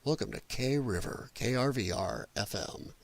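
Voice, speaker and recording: A man putting on the voice of a stuffy, soft-spoken male public radio host, hushed and prim. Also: medium pitch, animated, normal speed, gravelly, dry recording, voice pushed down.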